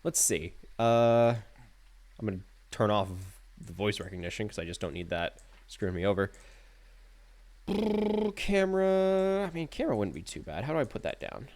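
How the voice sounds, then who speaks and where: Animated man streaming a horror game. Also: sits low, a little fast. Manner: animated, self-talking, jokey. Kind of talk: live gameplay commentary.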